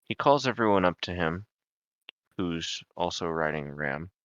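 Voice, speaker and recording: A man's voice: low voice, lively intonation, moderate pace, no room sound, highs cut off. A young man running a tabletop game as game master, narrating in a laid-back way with joking asides.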